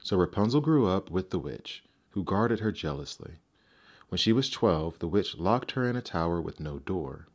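Deep-voiced man reading fairy tales. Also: big pitch swings, normal speed, dull audio. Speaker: storyteller. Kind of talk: storybook narration.

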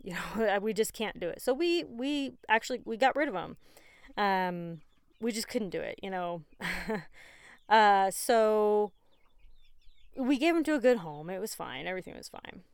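A woman hosts a podcast in a casual, rambling way, full of fillers and laughter. Her medium-pitched voice sounds clean, with no echo.

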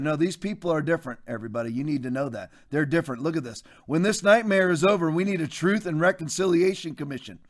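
A man's voice: a little high, fast, few pauses. A man hosting a political commentary show, talking in an emphatic, mocking way with folksy asides. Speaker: host.

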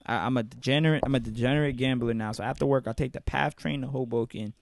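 A man's voice: mid-range voice, fairly even intonation, fast talker, creaky, dry recording. A young man ranting profanely in a casual podcast chat, full of mock quotes. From New York. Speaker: podcast host.

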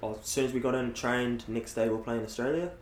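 Talking fast with fairly even intonation, this late-teen guest has a medium-pitched voice and a New Zealand accent. He's relaxed, spinning stories in casual chat and leaning heavily on filler words, recorded in an echoey room with faint hiss.

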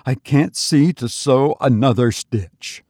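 Male reader playing a brisk, sharp middle-aged sister; husky and dry. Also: fairly low pitch, animated, dry recording.

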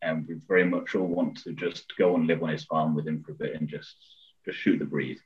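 A man's voice: extremely low pitch, level tone, a little fast, roomy sound, dull audio. A man co-hosting a podcast, casually chatting with teasing, rambling analysis. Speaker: podcast co-host. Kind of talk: casual chat.

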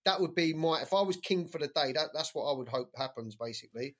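A man co-hosting a podcast in casual chat, opinionated and animated, often laughing. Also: fairly high pitch, fast, slightly rough. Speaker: podcast co-host.

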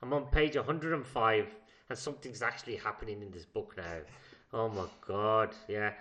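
Podcast co-host: young man, lowish pitch, bright forward tone, rambling and jokey. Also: moderate pace. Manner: rambling, jokey, trails off into mumbles. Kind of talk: casual chat.

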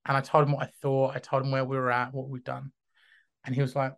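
A man hosting a podcast, telling a story in a casual, animated way, often restarting his sentences and acting out dialogue. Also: fairly high pitch, fast talker. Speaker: podcast host.

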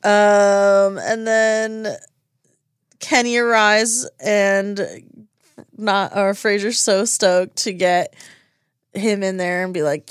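In a studio, a woman co-hosting a podcast animatedly retells a TV episode, acting out the characters' lines and swearing casually. Her medium-pitched voice is steady, clear and resonant, and she speaks extremely slowly in a dry recording.

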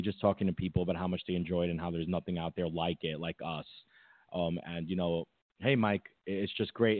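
A man with a deep voice co-hosts a podcast, telling a rambling story in casual conversation, repeatedly restarting and using fillers. There's no echo, and the audio has a dry, tinny phone quality.

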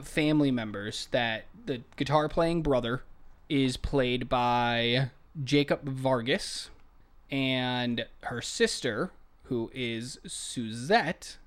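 A man co-hosting a casual podcast chat about films, retelling scenes in an animated, rambling way. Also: mid-range voice, takes it slowly, clean tone. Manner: animated storytelling, rambling asides. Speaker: podcast co-host reviewing films.

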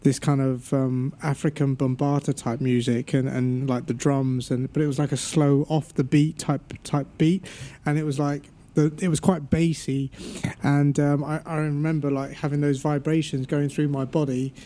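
A man with a slightly raised, warm and mellow voice, chatting on a podcast. He wanders through his thoughts, filling gaps with likes and ums. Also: on the high side, level tone, moderate pace. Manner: rambling, lots of likes and ums. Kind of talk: casual chat.

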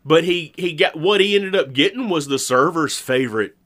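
A man's voice: fairly high pitch, normal speed, a bit bright. A middle-aged man telling rambling food stories in casual podcast chat, laughing easily. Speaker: podcast co-host.

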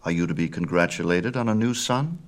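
A man's voice: sits low, animated, brisk. A male reader voicing a proud, imperious sun god in a storybook myth, speaking with lofty disdain. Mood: haughty. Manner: haughty, imperious. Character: haughty, grand sun god, young man.

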